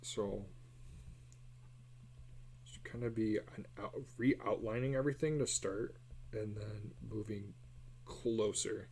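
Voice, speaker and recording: Gravelly man muttering while he draws. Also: on the low side, fairly even intonation, slow pace, pauses often, darkish tone, a little hiss or hum. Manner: self-deprecating, mutters to himself. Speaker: artist streaming a live drawing session. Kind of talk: casual live-stream chat.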